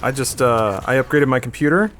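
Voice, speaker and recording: A man's voice: medium pitch, animated, a little fast, a bit bright, a little hiss or hum. A man in his thirties hosting a casual gaming podcast, talking in a loose, rambling way with lots of fillers. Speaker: podcast host.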